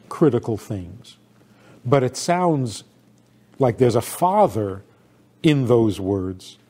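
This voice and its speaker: A man's voice: medium pitch, warm tone, husky. An older man, a rabbi, giving a sermon-style talk with stories, acting out quoted voices and laughing along.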